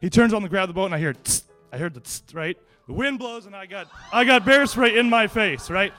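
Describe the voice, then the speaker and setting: Man with a high, smooth voice, casual anecdote, lively and laughing, faint music behind. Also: a little fast. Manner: lively, laughs often, many restarts. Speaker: storyteller.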